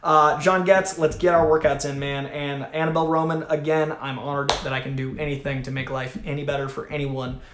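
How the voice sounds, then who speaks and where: A man hosting a livestream, reading viewer super chats aloud in an energetic, profane, chatty way. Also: on the high side, fairly quick, hardly any pauses, background noise. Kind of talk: casual livestream chat. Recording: echoey room.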